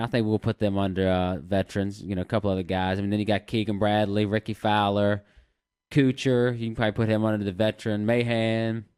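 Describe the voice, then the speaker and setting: A man with a fairly low, smooth voice talks sports as a podcast co-host. He is matter-of-fact, reading off records and rosters in casual chat. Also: darkish tone. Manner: matter-of-fact, reads off stats and names.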